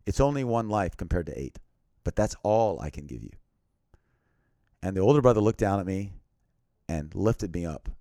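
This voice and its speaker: A man with a very low voice tells a personal story as an interview guest. He speaks earnestly and with emphasis, often sinking into a quiet, grave tone. He is recorded close on a studio mic in a dry, dead room. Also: expressive, moderate pace, pauses often, no room sound.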